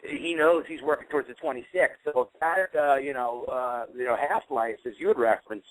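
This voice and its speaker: A man co-hosting a casual online talk show tells long, rambling stories stuffed with fillers, speaking fairly quickly in a mid-range, fairly bright voice. The low-quality audio comes from an internet radio call with faint noise.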